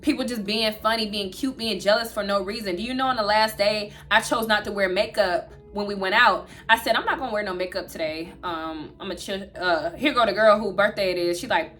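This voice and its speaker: A woman, telling a storytime vlog straight to her viewers in an animated way. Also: medium pitch, fairly quick, hardly any pauses, soft background music. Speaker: vlogger.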